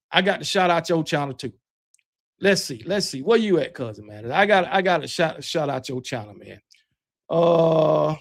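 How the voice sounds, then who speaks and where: A man's voice: high voice, no room sound, studio quality. A man with a Southern US accent hosting a fan livestream, rambling and trash-talking loosely, peppering his talk with "man" and "y'all.". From Alabama, US. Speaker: host of a fan livestream show. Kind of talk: casual livestream chat, reading super chats.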